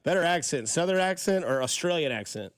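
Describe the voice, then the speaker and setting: A man co-hosting a sports talk radio show, bantering fast and joking, laughing easily. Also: fairly high pitch, expressive, dry recording, clean studio sound. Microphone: studio microphone.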